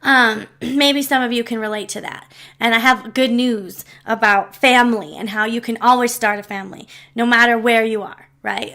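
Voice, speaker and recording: A woman's voice: a little high, pushed and bright. A woman telling a personal story in a chatty, rambling vlog, full of asides and fillers and openly emotional. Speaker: storyteller and channel host.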